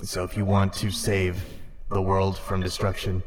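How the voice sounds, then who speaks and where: A man doing a flat, monotone villain AI, Skynet. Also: sits low, measured pace. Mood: deadpan. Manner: monotone, terse, robotic. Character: flat, deadpan male AI supercomputer villain. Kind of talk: comedic improv sketch. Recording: long reverb, played over a laptop.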